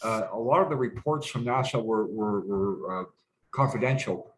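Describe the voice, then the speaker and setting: A man's voice: on the low side, moderate pace, a little hiss or hum, low-quality recording. A man from Canada talking in a casual interview, rambling with many restarts and fillers and swearing bluntly. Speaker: guest.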